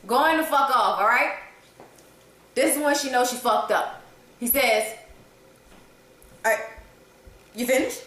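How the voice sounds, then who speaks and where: A woman retelling a comedy film in an animated, profane way, breaking into laughter as she goes. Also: high-pitched, unhurried, long pauses. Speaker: movie reviewer. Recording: echoey room.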